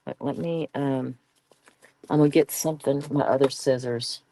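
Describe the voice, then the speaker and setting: A woman's voice: extremely low pitch, fairly even intonation, moderate pace, creaky, dark tone, no room sound. A woman with a Southern US accent hosting a live crafting stream, chatting casually and folksily with viewers as she works and reads their comments.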